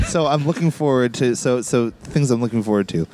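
A man's voice: mid-range voice, brisk, very noisy. A man, co-hosting a podcast, telling jokey, boastful stories in casual chat. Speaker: podcast co-host.

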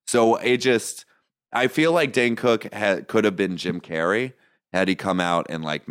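A man's voice: sits low, fairly bright tone, clean tone, no echo, studio quality. A man in a casual chat, talking loosely and enthusiastically with lots of filler words.

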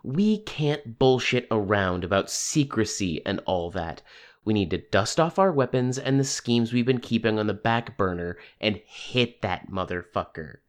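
A man playing a gruff, secretive fighter. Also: fairly low pitch, animated, unhurried, pitched above the performer's own voice. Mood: urgent. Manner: gruff, blunt, profane. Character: grim, secretive man with a marked face. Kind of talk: audiobook character reading.

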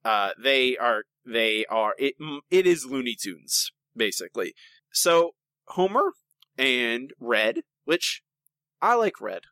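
Podcast guy rambling about his opinions, lively up-and-down voice, bright tone. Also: medium pitch, slow pace, no room sound. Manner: animated, rambling, opinionated, with many restarts. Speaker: podcast co-host. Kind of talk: casual chat.

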